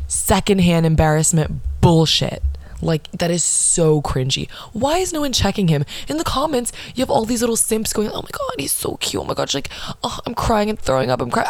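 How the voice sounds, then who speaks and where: A young woman in her early twenties hosting a podcast, ranting in casual chat with a sarcastic, profane and animated manner. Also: deep voice, no room sound. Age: early 20s. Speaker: podcast host.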